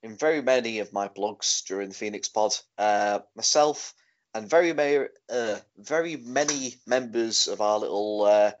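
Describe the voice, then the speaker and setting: A man's voice: on the low side, normal speed. A man co-hosting a podcast in casual chat, rambling with lots of "sort of, like" fillers. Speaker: podcast co-host. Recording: dull lo-fi podcast audio.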